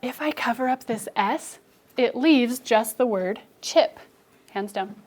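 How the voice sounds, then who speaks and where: A woman's voice: fairly high pitch, slow, a little mellow. A young adult woman teacher leading a phonics lesson with children, coaching them and adding asides to other teachers. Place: classroom. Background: children in class.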